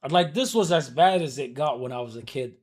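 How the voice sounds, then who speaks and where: A man livestreaming and telling a story to his chat, animated and profane, moving between mutters and shouts. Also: medium pitch, fairly quick.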